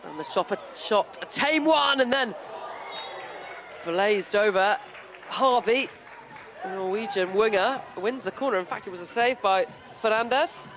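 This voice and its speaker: A woman giving brisk live football commentary with jokey asides. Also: mid-range voice, crowd noise. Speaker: play-by-play commentator.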